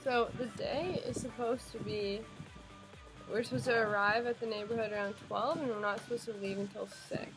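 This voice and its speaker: A woman's voice: a little high, fairly even intonation, normal speed, over music. A young woman casually and earnestly explaining what happened, talking to camera for a vlog. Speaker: vlogger.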